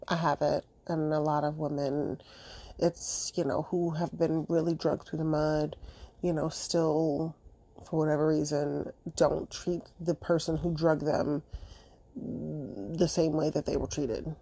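A woman's voice: low-pitched, fairly even intonation, a little slow, mellow, slightly rough, no room sound. A young adult woman hosting a solo podcast, talking casually, bluntly and emotionally, swearing freely. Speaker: podcast host.

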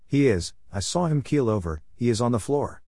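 A man's voice: mid-range voice, lively intonation, moderate pace, darkish tone, no room sound, pitched above the performer's own voice. A rattled leading man of the stage, insisting on what he saw, as a male narrator puts him on. his slightly raised voice is close and dry, a storybook figure in a panic. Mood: panicked. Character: frightened leading stage actor.

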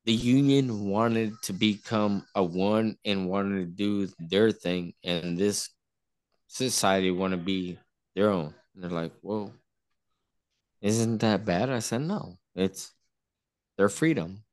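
Slow, low-voiced man, halting talk. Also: no room sound. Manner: halting, restarts often while searching for words. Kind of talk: casual political chat.

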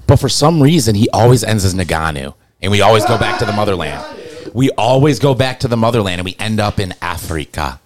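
A man's voice: on the low side, expressive, a little fast. A man co-hosting a casual podcast, joking and riffing in slangy talk. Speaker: podcast co-host. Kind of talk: casual chat.

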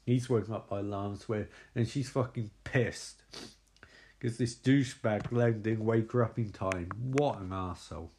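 A man's voice: on the low side, normal speed, darkish tone. Crude sarcastic man. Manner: crude, sarcastic, laughing asides. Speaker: film recapper. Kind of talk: comedic movie recap.

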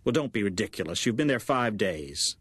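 A woman's voice: extremely low pitch, big pitch swings, brisk, husky, no echo, full character voice. A man reading aloud and voicing a fussy, anxious middle-aged mother who frets and pleads. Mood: scolding. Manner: fretful, pleading, easily tearful.

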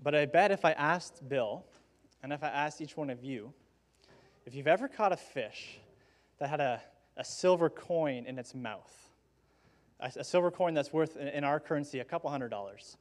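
A middle-aged male pastor preaches in a casual, conversational way, and his voice sits a little on the high side. He slows down for dramatic pauses and acts out the quoted lines with feeling. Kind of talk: sermon.

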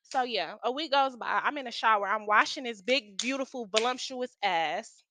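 Bright, foul-mouthed young woman telling a story. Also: on the high side, moderate pace, slight background noise. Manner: profane, slangy, animated storytelling. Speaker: storytime vlogger. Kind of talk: casual storytime chat.

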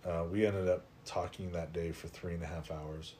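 A middle-aged man, a guest on a podcast, telling a personal story in a lively, conversational way with lots of "like.". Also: deep voice, normal speed, a little hiss or hum. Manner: animated, conversational, heavy use of "like". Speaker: podcast guest, life coach.

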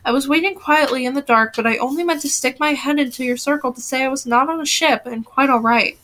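A woman voicing a torn, tearful young woman in a novel reading, softer and choked. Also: high-pitched, quick pace. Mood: apologetic. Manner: soft, choked and defensive.

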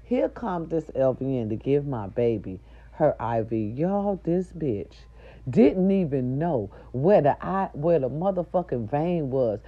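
A middle-aged woman, a nurse aide, telling viewers a story in a loud, profane, indignant rant. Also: sits low, sing-song, a little slow. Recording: dull lo-fi recording.

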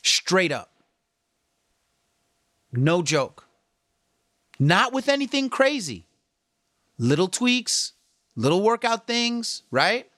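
A high-pitched male fitness and health vlogger takes it slowly and pauses often, heard in a studio-quality recording with no room sound. His casual talk to camera coaches and encourages viewers about health with slangy earnestness, growing animated when he quotes other people.

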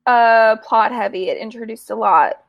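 A woman's voice: a little high, normal speed, gravelly, no echo, muffled recording. A tired, yawning woman co-hosting a casual chat, recorded close and dry with no room sound. She agrees easily and fills in details as she goes. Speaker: podcast co-host.

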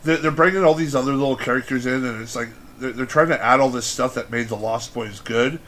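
A man's voice: mid-range voice, fairly quick, a bit bright, slight background noise. A man co-hosting a podcast, chatting casually in a rambling way with lots of fillers and swearing. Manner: rambling, filler-heavy storytelling with profanity. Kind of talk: casual chat.

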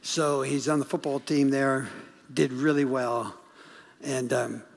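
A middle-aged man, a guest pastor, preaching a sermon as a story, swinging from urgent bursts to hushed, whispered lines. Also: mid-range voice, flat delivery, slow, gravelly, big-room sound. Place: church sanctuary.

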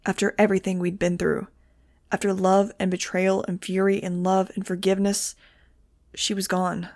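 A woman reading a novel aloud in the first person, with a steady, measured delivery. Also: mid-range voice, no echo, clean studio sound. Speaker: audiobook reader.

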